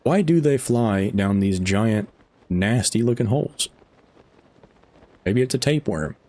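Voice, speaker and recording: A man's voice: lowish voice, lively intonation, a little slow, a little mellow. A man live streaming a game, chatting casually with his viewers in a rambling, chuckling way, tired after hours on air.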